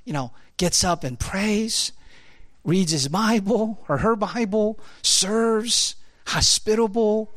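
A man preaching a sermon in a conversational, animated way, full of fillers and acted-out asides. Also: sits high.

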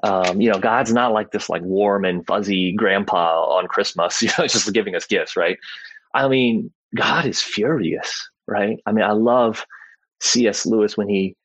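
Man, Bible teacher, casual talk, husky voice, fairly low, keeps asking "right?", dry close sound. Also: measured pace, a bit bright, dry recording, poor audio. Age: adult parent. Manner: conversational, tags sentences with "right?", frequent "like" and "you know".

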